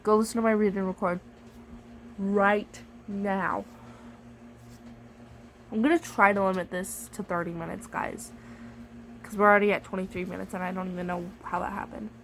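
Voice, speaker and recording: A woman's voice: mid-range voice, flat delivery, moderate pace, long pauses, a bit bright, a little hiss or hum, low-quality recording. Chatty, jokey woman vlogger. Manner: chatty, jokey, playfully dramatic. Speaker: vlogger reviewing a storybook device. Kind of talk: casual chat to camera.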